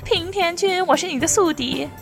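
A woman voicing a menacing comic rival in a loud, hammy fan dub. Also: extremely high pitch, normal speed, gravelly, music in the background, pitched above the performer's own voice. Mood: gleeful menace.

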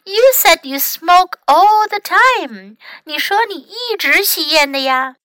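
A woman's voice: very high voice, expressive, slow pace, sharp tone, no echo, voice pushed up, heavily acted. A woman voicing an indignant young female fox friend in a storybook.

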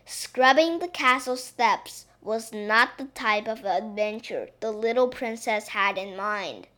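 Woman, children's storyteller, slow, gentle, expressive, higher voice.

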